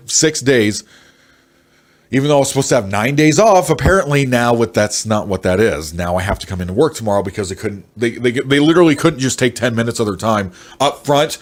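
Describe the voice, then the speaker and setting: A man in his twenties venting angrily about work, swearing and stressed. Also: medium pitch. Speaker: vlogger. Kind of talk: ranting personal monologue.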